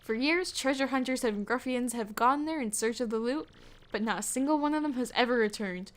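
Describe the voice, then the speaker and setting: A woman's voice: fairly high pitch, brisk, lightly acted. A woman voicing a flamboyant, vain male merchant trader from a video game, with grand, theatrical delivery. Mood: dramatic. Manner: grandiose, theatrical, dramatic exclamations. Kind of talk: reading game dialogue aloud.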